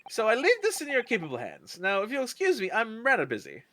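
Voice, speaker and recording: A man's voice: high-pitched, wildly swooping pitch, fast talker, bright, forceful tone, a little hiss or hum, pitched above the performer's own voice, exaggerated voice. A man voicing a flamboyant, aloof male detective in a theatrical, haughty manner. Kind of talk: let's play character voicing.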